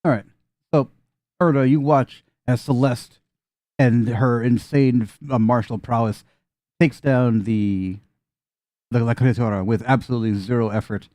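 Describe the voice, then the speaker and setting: Male game master, relaxed low voice, casual and jokey, dry close mic. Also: a little slow, no room sound. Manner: casual, joking, with frequent fillers. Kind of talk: narrating a tabletop game.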